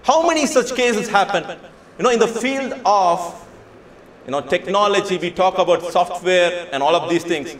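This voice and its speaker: A man's voice: high voice, normal speed. A man giving a lecture to students and telling a story. He speaks emphatically, repeats phrases and asks rhetorical questions. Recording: echoey room with faint ambience.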